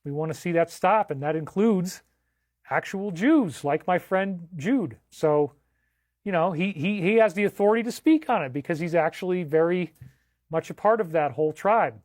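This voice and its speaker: A man's voice: high voice, expressive, moderate pace, a little mellow, no room sound, studio quality. A man hosting a livestream, talking in an emphatic, incredulous way and repeating himself for effect. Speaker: livestream host. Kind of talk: livestream commentary.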